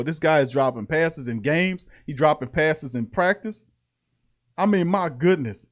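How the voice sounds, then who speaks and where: A man with a fairly high-pitched voice hosts a casual sports talk show. He reads practice reports aloud, then breaks off into animated riffs. He laughs often and repeats his lines for emphasis.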